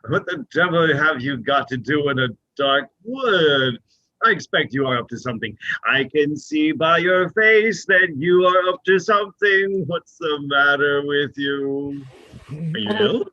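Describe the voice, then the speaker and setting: A man's voice: on the high side, animated, measured pace, bright, forceful tone, full character voice. A man reading the part of a skeptical male friend who chides and questions in a play reading. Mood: suspicious. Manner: chiding, incredulous. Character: scolding, skeptical male friend, middle-aged. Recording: dull lo-fi audio.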